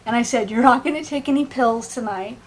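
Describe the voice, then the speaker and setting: Woman ranting through a street story, high voice, jumps all over the place. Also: fairly quick. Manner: animated, acts out bystanders in raised voices. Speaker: vlogger. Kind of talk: casual storytelling to camera. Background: dog at home.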